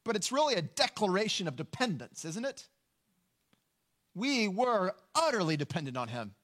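Male pastor, high voice, sermon, earnest, emphatic. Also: big pitch swings, a bit bright. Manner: earnest, emphatic, slows down on key lines.

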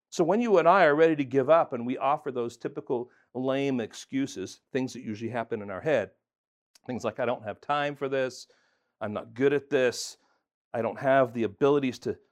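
A man preaching a sermon as pastor, earnest and emphatic, talking conversationally with fillers and restarts. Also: fairly high pitch.

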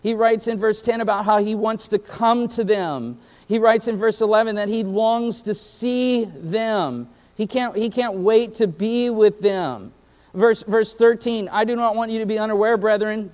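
Pastor, male, high-pitched; casual preaching style with asides, in a reverberant church hall. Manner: animated, conversational preaching with slang and asides. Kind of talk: sermon.

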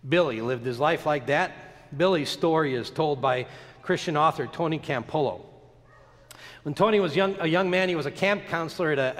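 A man delivers a sermon with a lively, sweeping pitch, leaning into slow emphatic pauses as he tells a story. His voice sits a little high for a man. It rings with a long reverb, as if he is in a large church. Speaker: pastor.

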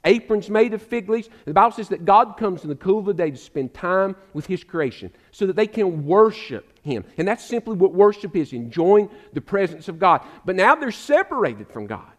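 A man's voice: high-pitched, very animated, normal speed. A man preaching a sermon as pastor, fervent and emphatic, calling his listeners friend.

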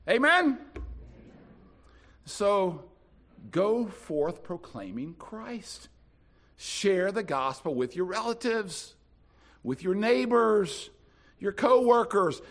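A pastor from North Carolina, preaching a sermon with dramatic swings from soft to loud. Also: male voice, a little high.

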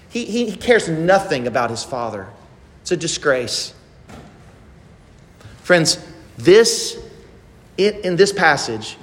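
Male preacher, sermon, emphatic, rhetorical questions, slightly high voice, long hall reverb. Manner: emphatic, asks the listeners pointed rhetorical questions. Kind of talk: expository sermon.

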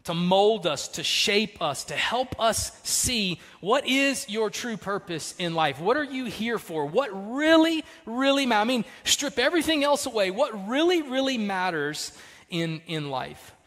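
A man's voice: sits high, lively intonation, unhurried. Male pastor, sermon delivery, emphatic; long hall reverb. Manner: emphatic, swings between loud punches and soft trailing lines.

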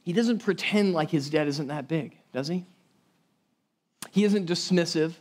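A man's voice: on the high side, a little slow, a little mellow. A man preaching a sermon in a conversational, emphatic way, with frequent restarts and asides to the congregation. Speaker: pastor.

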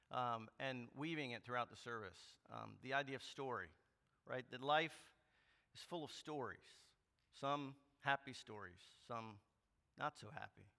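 A man's voice: medium pitch, bright, forceful tone, smooth, long reverb tail. A man serving as pastor, giving a sermon with a scripture reading in a church sanctuary, speaking conversationally with frequent ums and light self-deprecating humor. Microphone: clip-on or body mic.

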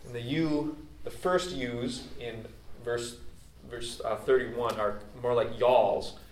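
A man's voice: mid-range voice, steady tone, takes it slowly, darkish tone, a little hiss or hum. A man preaching a sermon in a loose, chatty way, full of fillers and restarts. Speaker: pastor. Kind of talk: casual conversational sermon. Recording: echoey room, mic at a distance, faint ambience.

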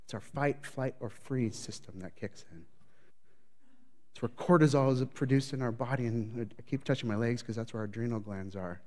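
A man preaching a sermon with a storyteller's flair. He swings from loud, building phrases to hushed, low lines, with a mid-range voice. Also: normal speed. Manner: dramatic storytelling, voicing the prophet's panic; varies loudness widely, building up then dropping low. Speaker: pastor.

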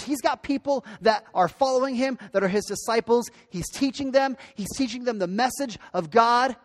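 A male pastor giving an earnest, emphatic sermon that repeats its key points. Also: extremely high pitch. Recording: long hall reverb.

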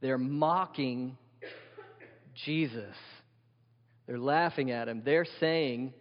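A man's voice: medium pitch, slow, long pauses. Male pastor, emphatic sermon delivery, questioning the congregation, dull lo-fi sound with long hall reverb.

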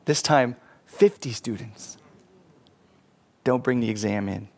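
Man preaching an animated sermon. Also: mid-range voice, slow. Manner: animated storytelling, addresses the congregation. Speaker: pastor.

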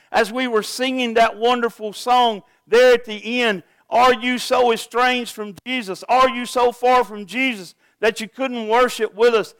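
High-voiced earnest man preaching. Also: fairly bright tone, clean tone, dry recording. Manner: earnest, asks the congregation direct questions. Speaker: pastor. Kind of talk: sermon.

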